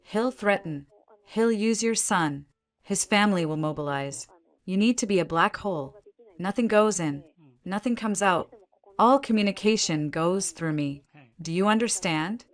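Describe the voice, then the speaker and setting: A woman's voice: medium pitch, lively intonation, a little slow, close to an everyday voice. Woman voicing a curt fifty-something divorce lawyer. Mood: commanding. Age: 50s. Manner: curt, clipped, commanding. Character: brisk, ruthless middle-aged female divorce lawyer.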